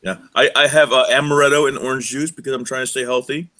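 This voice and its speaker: A man's voice: medium pitch, fairly even intonation, fast, bright, forceful tone. A young man co-hosting a casual live show, joking and rambling through a work story. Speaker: co-host. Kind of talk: casual podcast chat.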